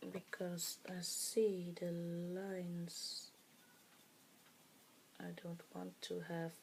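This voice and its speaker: Slow, hesitant woman demonstrating a craft. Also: fairly low pitch, darkish tone, slight background noise. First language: Dutch. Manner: hesitant, many fillers, muttering to herself. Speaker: craft tutorial host.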